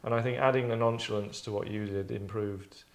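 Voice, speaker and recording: A man's voice: on the low side, steady tone, fairly quick. A man hosting and directing a voice session, rambling and restarting as he gives notes. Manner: rambling, restarts, acts out lines. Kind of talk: casual chat, giving direction.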